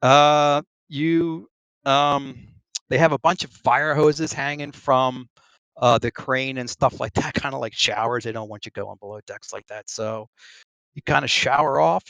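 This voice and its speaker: A middle-aged man talking over an online voice call with a dry, close sound. He wanders through a long casual story, stopping for ums and small laughs. His voice sits at an ordinary pitch. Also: gravelly, a bit bright, no echo. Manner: rambling, full of ums and restarts, laughs between phrases. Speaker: Navy veteran guest.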